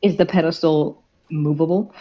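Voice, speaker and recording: A woman's voice: low voice, fairly even intonation, moderate pace. A woman player in a casual tabletop game chat, giggly and self-deprecating, on a muffled lo-fi recording.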